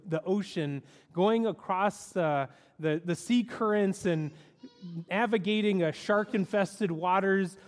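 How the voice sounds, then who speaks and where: A man preaching a sermon in a conversational, animated way, with frequent fillers and restarts, in a church. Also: sits high. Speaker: pastor. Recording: echoey hall.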